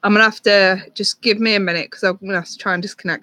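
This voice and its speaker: A tarot reader on a live stream, talking softly and reassuringly to a viewer, with many ums and restarts. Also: medium pitch, fairly even intonation, very fast, no room sound.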